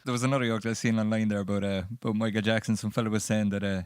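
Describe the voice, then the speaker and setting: A man's voice: lowish voice, little pitch movement, rapid-fire, few pauses, smooth, no room sound. A man in a casual podcast chat, joking in a dry way.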